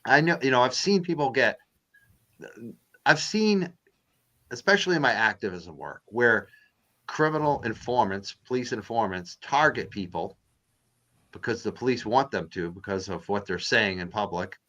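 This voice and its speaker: A man's voice: lowish voice, expressive, moderate pace, a bit bright, muffled recording. A man with a Boston accent, a guest on a casual show, who talks bluntly and swears freely. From Massachusetts. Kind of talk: casual interview talk.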